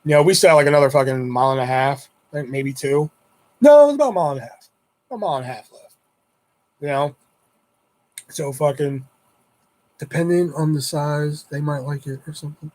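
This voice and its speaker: A man's voice: fairly high pitch, brisk, pauses often, darkish tone. A man telling a long rambling story on his vlog, swearing constantly and acting out the voices of his friends. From Houston area. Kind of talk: casual storytelling.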